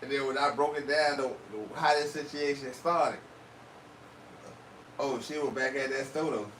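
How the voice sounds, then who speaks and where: A middle-aged man in a laid-back, teasing chat with his wife. He speaks from a distance into an echoey room. His pitch sits in the middle range, with faint ambience behind. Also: moderate pace, fairly bright tone, slight background noise. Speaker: vlog co-host. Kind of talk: casual chat.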